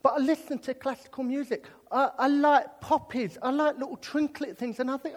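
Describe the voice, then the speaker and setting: A man's voice: very high voice, moderate pace, few pauses. A British man preaching a sermon, joking through a comic story and then turning earnest. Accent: British English. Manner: animated and jokey, drifting into earnest preaching.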